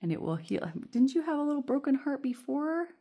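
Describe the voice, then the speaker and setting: A woman's voice: high-pitched, sing-song, brisk, mellow. Chatty woman doing a tarot reading. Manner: chatty, reassuring, peppered with "okay?" and "right?"; laughs often while talking. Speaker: tarot reader. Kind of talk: casual pick-a-card reading. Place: home room. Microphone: phone camera.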